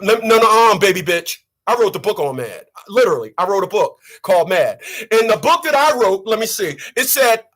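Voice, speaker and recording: A man's voice: high voice, very animated, fairly quick, a bit bright. A man delivering preachy, profane ranting commentary on his channel, repeating lines for effect. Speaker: vlogger.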